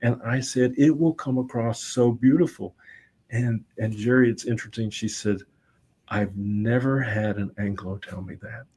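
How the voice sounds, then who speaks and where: A middle-aged man, a guest on a talk show, telling lively anecdotes in a relaxed conversational way and often quoting himself. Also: medium pitch, normal speed, slightly rough. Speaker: guest, voice-over and public speaking teacher. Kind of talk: casual conversational storytelling.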